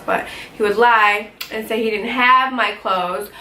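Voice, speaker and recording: A young woman telling a story in a casual vlog, animated, swearing often and filling with "like". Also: medium pitch, moderate pace, few pauses. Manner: animated, heavy swearing, lots of "like". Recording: echoey room with faint ambient noise.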